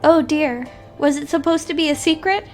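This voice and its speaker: Woman playing a genteel young lady in a game, high and lilting, prim and formal, gushing politeness, faint music underneath. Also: moderate pace, natural voice.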